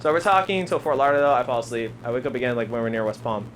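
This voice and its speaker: A man's voice: medium pitch, animated, racing, a bit bright, a little hiss or hum, low-quality recording. Slangy young man telling a wild story. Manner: slangy, laughs often, acts out quotes. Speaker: podcast guest. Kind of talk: casual storytelling.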